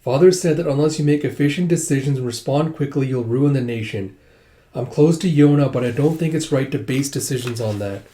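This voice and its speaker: A man voicing a calm, dispassionate young prince, in a voice close to his own. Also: mid-range voice, brisk, natural voice. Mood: cold. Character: cool, composed nine-year-old boy prince.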